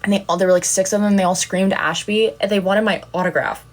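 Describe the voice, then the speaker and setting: A woman's voice: mid-range voice, fairly even intonation, fast. A young woman chatting casually on a livestream, telling rambling, giggly, self-deprecating stories. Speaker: content creator on a livestream.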